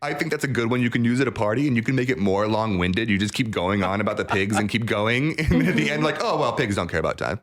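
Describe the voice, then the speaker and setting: A man co-hosting a podcast, telling a long joke in a relaxed, chuckling way. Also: lowish voice, fast talker, few pauses. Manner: chuckling, easygoing storyteller. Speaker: podcast co-host.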